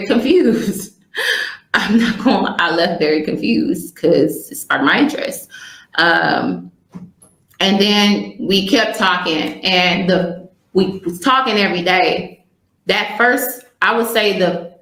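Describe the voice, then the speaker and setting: Lower-voiced woman in an echoey room. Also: a bit bright. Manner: rambling, candid storytelling. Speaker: interview guest. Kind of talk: personal story in an interview. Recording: roomy echoey recording.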